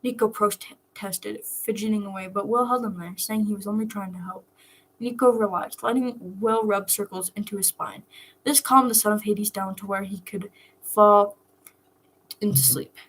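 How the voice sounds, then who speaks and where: Breathy lady reading fanfic out loud, soft and steady. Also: medium pitch, normal speed, low-quality recording. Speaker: fan fiction reader. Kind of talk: story narration.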